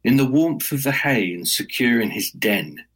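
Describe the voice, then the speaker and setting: A man telling a folk tale aloud in a measured, dramatic storytelling manner, as a guest on a talk program. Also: medium pitch, animated, fairly bright tone, husky, poor audio.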